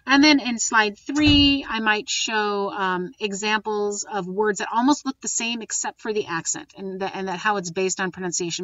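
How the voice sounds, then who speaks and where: A woman's voice: medium pitch, sharp tone, dry recording, lo-fi sound. A woman teacher talking through how she plans a lesson, thinking aloud with frequent ums and restarts. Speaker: Spanish teacher. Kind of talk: recorded classroom lesson walkthrough.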